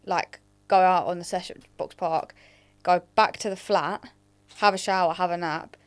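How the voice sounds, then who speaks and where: A woman's voice: lowish voice, steady tone, normal speed, clear, resonant tone. A young woman from England co-hosting a podcast, telling rambling stories in a casual chat. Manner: chatty, rambling storyteller. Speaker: podcast co-host.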